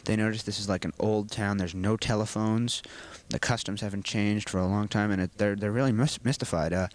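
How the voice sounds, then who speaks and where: A teenage boy, a student actor, speaks in a school video interview with a voice on the low side, a steady tone, and a brisk pace. He talks earnestly and at some length, his explanations rambling.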